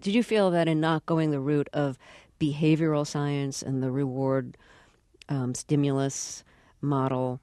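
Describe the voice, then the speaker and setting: Interviewer, halting measured questions, mid pitch, dry close sound. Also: fairly even intonation, dark tone, smooth, no echo.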